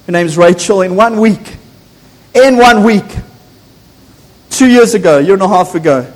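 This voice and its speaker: A man, a pastor preaching an impassioned, emphatic sermon in a church. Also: high voice. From South Africa. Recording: echoey church hall.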